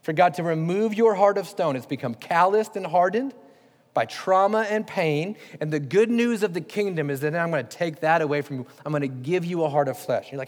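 A pastor with a brisk, higher-leaning voice preaches a sermon, conversational and emphatic, firing direct questions at his congregation. Long hall reverb surrounds the recording.

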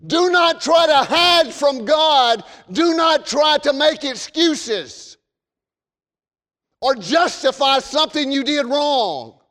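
Southern man preaching, very high voice, fervent, long church echo. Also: expressive, takes it slowly. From American South. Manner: fervent, shouts warnings then drops to folksy storytelling. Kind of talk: sermon.

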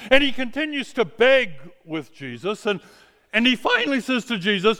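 A man's voice: high voice, sing-song, moderate pace, fairly bright tone, big-room sound. A man preaching by telling a story in the first person. He keeps stumbling and repeating words as he retells it.

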